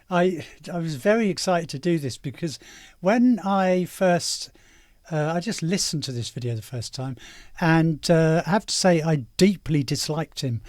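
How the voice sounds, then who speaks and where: A man's voice: fairly high pitch, a little mellow, no room sound, studio quality. A man hosting a reaction video, talking in a mocking, rambling way with lots of fillers. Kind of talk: casual sarcastic commentary.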